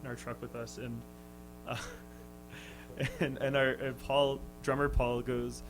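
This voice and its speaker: A man's voice: mid-range voice, little pitch movement, slow pace, long pauses, low-quality recording. A young man, a touring musician, telling stories in a casual radio interview, hesitant and laughing. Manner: hesitant, lots of fillers and restarts, laughing. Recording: radio studio with music underneath.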